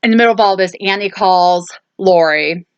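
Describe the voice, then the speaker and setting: A woman's voice: medium pitch, moderate pace, smooth, no echo, highs cut off. A woman hosting a casual movie recap, rambling along with lots of ums and so. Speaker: host.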